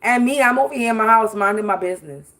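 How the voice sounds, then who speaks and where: A woman with a fairly high voice rants on her livestream, swearing often and circling back to the same phrases. She sounds confrontational and fired up, and laughs now and then mid-sentence. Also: fast, fairly bright tone. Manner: profane, confrontational, repetitive. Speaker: spiritual livestream host. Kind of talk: ranting livestream monologue.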